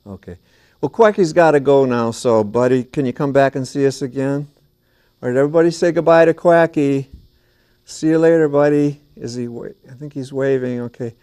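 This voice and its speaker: A man hosting a children's TV show in a small studio, singing and chatting playfully and gently with young viewers and a puppet duck. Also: mid-range voice. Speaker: children's TV host.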